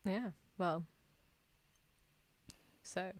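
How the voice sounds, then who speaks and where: A woman's voice: fairly low pitch, extremely slow, dry recording. A Scottish woman co-hosting a home music stream in casual chat, laughing often and teasing herself. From Scotland. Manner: chatty, laughs often, self-deprecating.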